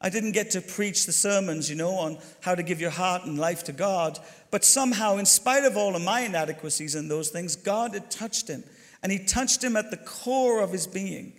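An Irish man telling a story during his sermon as a pastor, chatty and animated, talking straight to the congregation. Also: high voice, moderate pace. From Ireland. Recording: long hall reverb.

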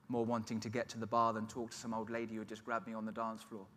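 A man's voice: medium pitch, little pitch movement, fast talker, fairly bright tone. A middle-aged man giving an emotional personal testimony as a sermon, telling his story earnestly. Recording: long hall reverb.

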